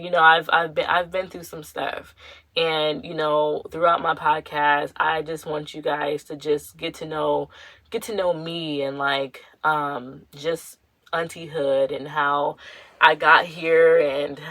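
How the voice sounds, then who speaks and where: Low, bright-voiced young woman podcaster. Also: level tone, slow, no echo, rough recording. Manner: candid, rambling, full of "you know" fillers and slang. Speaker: podcast host. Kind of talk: casual personal podcast talk.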